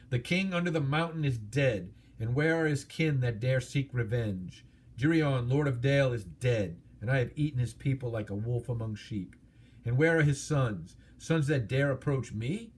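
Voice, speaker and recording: A man's voice: mid-range voice, close to an everyday voice. Smaug, a man doing a gloating dragon. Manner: mocking, boastful, slow grand delivery. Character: huge old male dragon, proud, wily, gloating.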